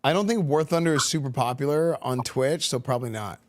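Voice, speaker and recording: A man's voice: mid-range voice, fairly quick. Laid-back Texan man, mid-range voice. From Texas. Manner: relaxed and slangy, with many fillers and restarts. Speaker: streamer speaking to a school class. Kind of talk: casual chat answering students' questions. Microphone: good streaming microphone.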